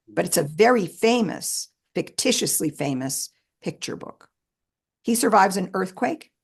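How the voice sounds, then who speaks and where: A woman author reading her own personal essay aloud in a measured, expressive way with shifting emphasis. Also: lowish voice, creaky, slightly rough.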